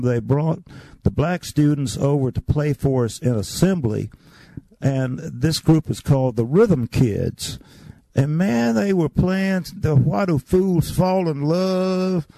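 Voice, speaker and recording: An older man looks back on his childhood, his voice low in tone and gravelly with fry. He speaks dry and close, as an interview guest spinning stories. He slips into the voices of the people he remembers. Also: mellow, no room sound. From North Carolina. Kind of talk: storytelling interview.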